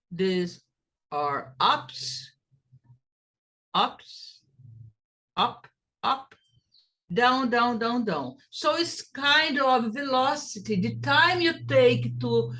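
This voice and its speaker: Slow-talking woman teaching English. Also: on the high side, fairly bright tone. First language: Portuguese. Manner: repeats phrases slowly and fast to show rhythm. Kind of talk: pronunciation lesson.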